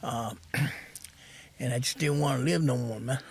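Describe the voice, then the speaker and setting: A middle-aged man telling his recovery story as a podcast guest, soft-spoken and halting, saying "man" often. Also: mid-range voice, gravelly, husky.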